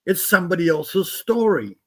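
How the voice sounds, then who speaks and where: A man's voice: high-pitched, big pitch swings, moderate pace, a little mellow, slightly rough. A man in casual panel chat, reflective and philosophizing about beliefs.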